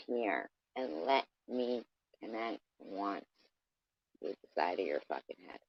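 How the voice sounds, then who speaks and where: A man's voice: lowish voice, lively intonation, measured pace, slightly rough, no echo. A man delivering an aggressive, profane, taunting rant straight at his camera. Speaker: vlogger. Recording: dull lo-fi dry sound.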